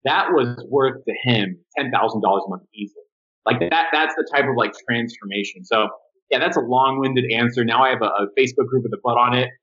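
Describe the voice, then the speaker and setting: A man's voice: mid-range voice, a little fast, highs cut off. A man being interviewed on a podcast, talking casually about his marketing agency and acting out quotes as he tells stories. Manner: animated storyteller who acts out quotes. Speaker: guest, marketing agency owner.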